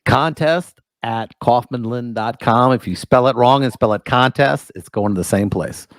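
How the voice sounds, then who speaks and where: A man's voice: medium pitch, normal speed, no echo, clean studio sound. Wry grumbling male radio regular. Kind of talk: casual radio banter.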